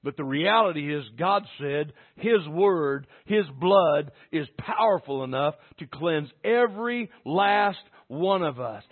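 A man preaching a sermon to his church with passion, dropping to a hush and then rising to a shout. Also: on the high side, lively intonation, slow pace, hardly any pauses. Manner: impassioned, swinging from hushed to shouting. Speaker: pastor. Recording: tinny phone-like sound.

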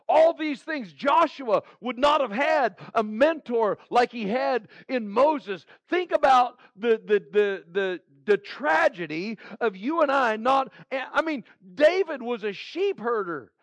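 A man's voice: extremely high pitch, lively intonation, unhurried, dry recording. A male pastor giving a heartfelt sermon who repeats his phrases for emphasis. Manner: heartfelt, pleading preaching.

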